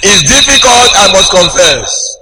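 A man preaching a sermon, slow and emphatic, with big swings in pitch as he tells a story. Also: big pitch swings. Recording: noisy background with clicks.

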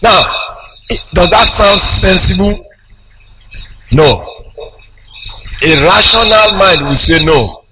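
Slow, emphatic male preacher. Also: lively intonation. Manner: slow, emphatic preaching with dramatic pitch swings. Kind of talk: sermon. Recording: noisy background with clicks.

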